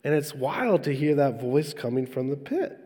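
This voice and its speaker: A man's voice: medium pitch, very animated, normal speed, mellow, husky. A man preaching a sermon in a conversational way, asking the congregation questions. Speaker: pastor. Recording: echoey hall.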